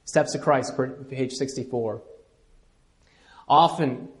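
A man preaching a sermon as pastor, swinging from quiet intimate asides to loud emphatic lines and leading the congregation to repeat after him. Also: mid-range voice, slow pace. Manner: leads congregation in call-and-response.

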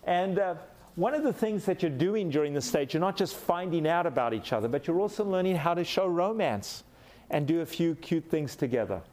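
A man's voice: on the high side, expressive, brisk, darkish tone. A middle-aged man from Africa giving a sermon, telling a personal story with animation and acting out the quoted lines. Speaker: pastor.

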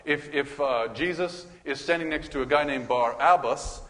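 Pastor guy teaching bible study, kinda high voice, long echo in the hall. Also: normal speed. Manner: animated, asks questions, reads scripture aloud.

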